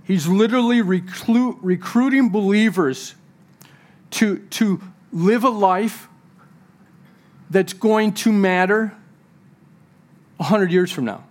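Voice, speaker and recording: A man's voice: high voice, slow, pauses often. Man preaching with emphatic repetition. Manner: joking asides to the congregation. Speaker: pastor. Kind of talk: sermon.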